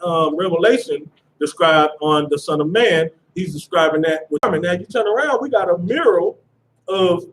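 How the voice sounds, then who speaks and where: High-voiced man teaching scripture class. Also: slight background noise, rough recording. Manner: casual, repeats "you understand?".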